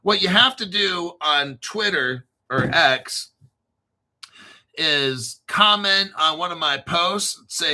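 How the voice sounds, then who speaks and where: A man's voice: fairly high pitch, animated, slow pace, sharp tone. A man hosting a casual crypto livestream, rambling through long lists of names and swearing freely as he chats with viewers. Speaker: crypto show host.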